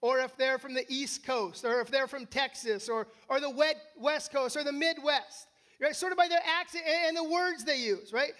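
Conversational American preacher, high voice. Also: normal speed, fairly bright tone. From United States. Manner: conversational, frequent tag questions and restarts. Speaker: pastor. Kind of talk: sermon.

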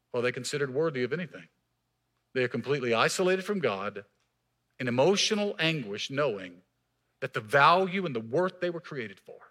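A man preaching a sermon in a church as pastor, emphatic, swinging between raised passages and hushed, quiet lines. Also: a little high.

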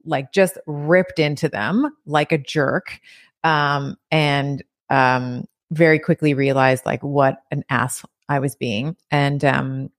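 Woman, middle-aged, low voice, dry close sound, chatty and animated, laughs a lot. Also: takes it slowly, no room sound. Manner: animated, chatty, laughs often, many fillers and restarts. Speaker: podcast guest. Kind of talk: casual interview chat.

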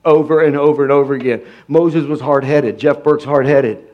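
A man's voice: mid-range voice, steady tone, moderate pace, highs cut off. A male pastor, preaching a sermon with repeated rhetorical questions. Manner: preaching with rising intensity, repetitive rhetorical questions.

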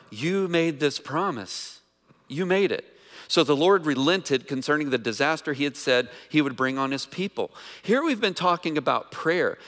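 With a slightly high, fairly bright voice, a man preaches to his congregation as pastor, keeping it conversational and posing questions. The church sanctuary adds long hall reverb.

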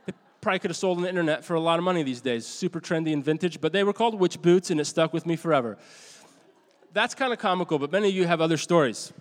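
Racing through his sermon, a middle-aged male pastor tells stories in a rambling, conversational way, often restarting and making self-deprecating asides. His voice sits a little high for a man. Each phrase trails a long reverb, as though he's preaching in a church hall.

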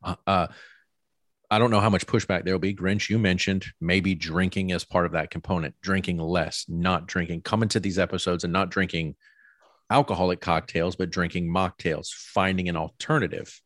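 A man hosting a casual podcast chat with friends, relaxed, swearing now and then and steering the group. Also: low-pitched, moderate pace, dry recording, clean studio sound. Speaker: podcast host.

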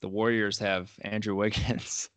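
A man's voice: fairly low pitch, flat delivery, measured pace, a bit bright, no echo. A young man co-hosting a casual sports podcast, talking loosely with plenty of swearing and filler likes. He laughs easily and keeps the banter rolling. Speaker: podcast co-host.

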